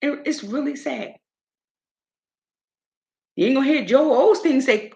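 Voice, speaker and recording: A woman hosting her own show, giving an outspoken, animated commentary. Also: high-pitched, moderate pace, vocal fry, dull audio. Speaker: show host. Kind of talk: casual commentary monologue.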